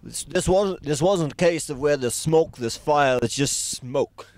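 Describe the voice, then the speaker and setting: A man's voice: a little high, measured pace, darkish tone, slight background noise. A man giving jokey running commentary on a science demonstration outdoors at night, with rambling, punning, chuckling asides. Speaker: demonstrator in a science gag video.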